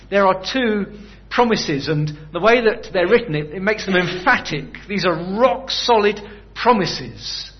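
With lively intonation and few pauses, a man preaches at an unhurried pace, keeping things casual and throwing out rhetorical questions. His voice runs a little high for a man. The recording quality is dull and lo-fi.

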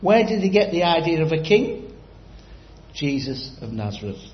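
A man's voice: fairly high pitch, big pitch swings, moderate pace, reverberant, lo-fi sound. A man preaching a sermon, telling a story and quizzing the congregation directly.

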